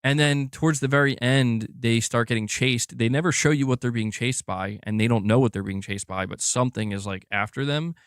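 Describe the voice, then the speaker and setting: A man hosting a gaming channel, reviewing a game in a casual livestream, rambling and excitable, swearing freely. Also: medium pitch, a little fast, hardly any pauses, clear, resonant tone, no echo, clean studio sound.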